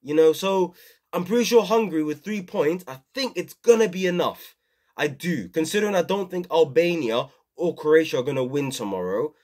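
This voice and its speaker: A man's voice: on the high side, animated, moderate pace, darkish tone. Young male vlogger, casual football chat, opinionated and rambling, plenty of ums. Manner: rambling, opinionated, many fillers. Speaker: football channel host. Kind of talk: casual football review vlog.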